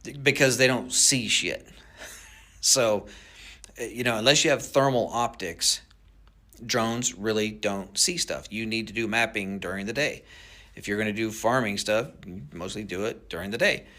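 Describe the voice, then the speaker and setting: A plainspoken man who works with drones, explaining their uses in an interview clip. His voice sits fairly low, and he pauses often with "uh" and "um" as he goes. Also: sharp tone. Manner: plainspoken, hesitant. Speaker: drone industry expert.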